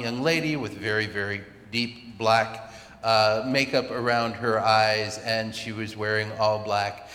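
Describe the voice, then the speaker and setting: Pastor guy telling a story in his sermon, chatty and lively, big echoey hall. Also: mid-range voice. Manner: chatty, animated anecdotes with asides. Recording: echoey hall with long reverb.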